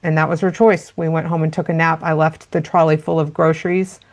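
A woman's voice: low voice, little pitch movement, brisk. A woman speaking as a parenting expert in an interview, explaining earnestly with frequent "you know" fillers. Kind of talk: interview conversation.

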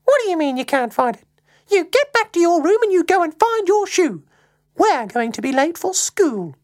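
A woman voicing a frazzled mother who scolds her son in a shrill, exasperated way. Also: huge pitch swings, normal speed, creaky, fairly bright tone, heavily acted.

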